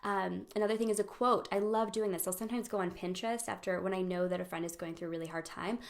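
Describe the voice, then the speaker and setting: A young woman hosting a casual live-streamed talk on friendship, animated, laughing often and acting out quoted voices. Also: mid-range voice, fast talker, creaky. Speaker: host of a friendship training.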